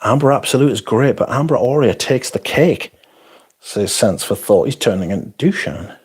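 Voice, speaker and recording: A man's voice: mid-range voice, expressive, normal speed, darkish tone, breathy edge. A man hosting a casual livestream, reading viewer comments aloud and rambling in a self-deprecating way. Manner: rambling and self-deprecating, trailing off mid-thought. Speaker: fragrance livestream host.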